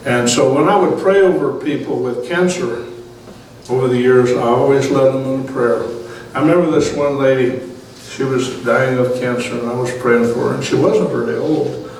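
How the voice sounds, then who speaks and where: A man giving his testimony as a Bible study teacher, preaching casually with fillers and soft chuckles. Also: medium pitch, moderate pace, a little hiss or hum. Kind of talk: testimony sermon. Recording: echoey room, mic set far off.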